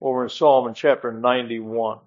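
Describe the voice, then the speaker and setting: A man's voice: medium pitch, steady tone, moderate pace, a little mellow, highs cut off. A man preaching a folksy, emphatic sermon in a church, often repeating amen. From northern United States. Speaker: guest preacher.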